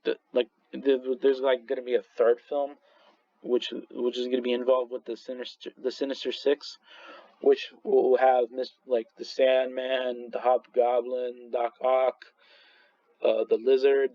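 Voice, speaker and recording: A man's voice: mid-range voice, mellow, dry recording. Guy ranting about movies, rambling and laughing, kinda dull dry mic sound. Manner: rambling, full of restarts and fillers, laughs often. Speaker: movie reviewer. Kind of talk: casual chat.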